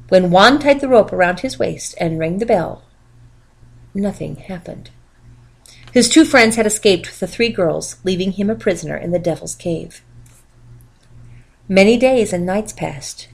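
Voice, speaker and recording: Gravelly-voiced woman reading a storybook. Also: mid-range voice, rough recording. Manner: steady, quiet narration. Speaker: narrator.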